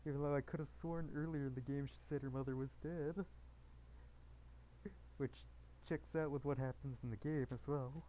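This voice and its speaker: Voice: mid-range voice, steady tone, normal speed, long pauses, warm tone, poor audio. A streamer reading a dating game aloud, full of joking asides and giggles. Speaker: gameplay streamer.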